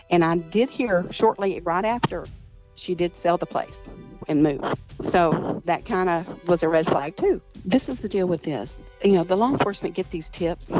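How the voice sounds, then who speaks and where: A woman's voice: lowish voice, a little mellow. Rambling woman, lo-fi sound. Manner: rambling, restarts, acts out quoted dialogue. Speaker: guest, cousin of the missing woman. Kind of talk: casual storytelling interview.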